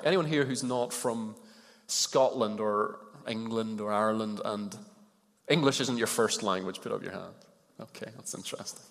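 Preaching to a congregation in a church hall, this man has a mid-range, slightly bright voice. He keeps the sermon conversational and asks the congregation questions, while the big room adds a long, echoing reverb.

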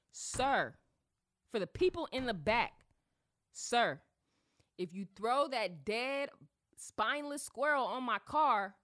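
Animated, bright-voiced woman telling a story. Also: medium pitch. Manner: animated, slangy, acts out voices. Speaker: podcast host. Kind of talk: casual storytelling.

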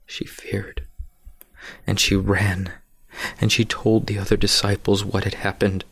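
A male preacher retelling a scripture story in a sermon, hushed and often dropping to a whisper for drama. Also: lowish voice, flat delivery, a little slow, breathy edge, no room sound.

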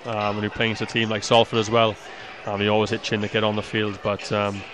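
A man's voice: on the low side, completely flat delivery, fast talker, music in the background. A man, an injured footballer, giving brief and modest answers in a casual chat from a stadium stand. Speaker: injured footballer, studio guest.

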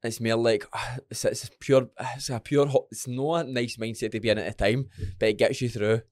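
A young Scottish man co-hosting a podcast in casual chat, sweary and animated, working himself up as he talks. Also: medium pitch, moderate pace, no echo. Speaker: podcast co-host.

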